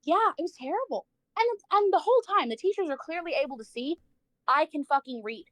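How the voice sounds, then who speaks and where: A woman's voice: high-pitched, animated, brisk, no echo. A woman livestreamer telling a personal story in casual chat, saying "like" a lot, swearing freely and acting out the people she quotes.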